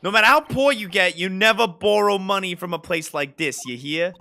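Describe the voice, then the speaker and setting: A man voicing a gruff, streetwise male police detective who talks bluntly in a folksy way, read from a video game. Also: high voice, fairly quick, pushed and bright, a little hiss or hum, pitched above the performer's own voice, full character voice. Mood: gruff warning. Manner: blunt, folksy, calls people pal.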